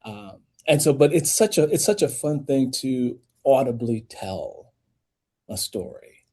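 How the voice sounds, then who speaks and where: This is a man guesting on a podcast, an author and audiobook narrator telling his story. His voice is dark and mellow. He speaks in an animated way and pushes his pitch up to stress a point. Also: a little slow, slightly rough. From United States. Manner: animated storyteller, rising emphatic pitch when making points.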